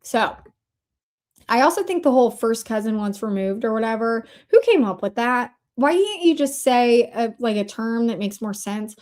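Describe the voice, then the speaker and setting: A woman hosting a casual commentary show, talking chattily with sarcastic asides and quick shifts between fast and slow delivery. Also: on the high side. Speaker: host. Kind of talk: casual commentary over screen shares.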